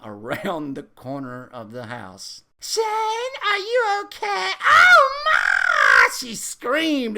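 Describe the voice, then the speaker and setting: A man tells a funny personal story in a casual, animated way, chuckling as he goes. His voice is bright and forceful, and his pitch swings widely. The telling is loose and conversational. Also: creaky.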